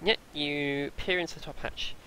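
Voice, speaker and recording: Bright-voiced game master narrating. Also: male voice, on the high side, fairly even intonation, a little hiss or hum, poor audio. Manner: halting, with many fillers.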